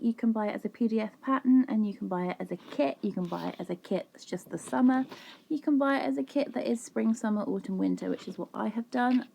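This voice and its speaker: A woman's voice: mid-range voice, vocal fry, warm tone, slight background noise. A woman chatting casually to her viewers in a crafting vlog, chatty and self-mocking, sitting at home. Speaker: vlogger. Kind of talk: casual chat.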